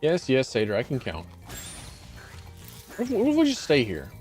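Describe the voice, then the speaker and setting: Male streamer, casual gameplay commentary, sarcastic, rambling, animated pitch. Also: normal speed, soft background music. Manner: rambling, sarcastic, frequent restarts.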